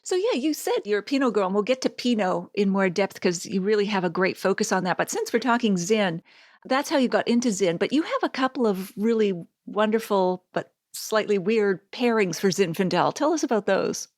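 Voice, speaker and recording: A woman's voice: medium pitch, lively intonation, a little fast, darkish tone, no room sound. Woman podcast host, dry close mic, asks the next question. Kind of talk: casual interview.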